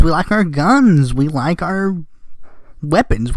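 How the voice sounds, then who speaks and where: A man's voice: on the high side, lively intonation, normal speed. Sarcastic rambling male vlogger. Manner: sarcastic, rambling, with self-corrections. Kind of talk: casual commentary.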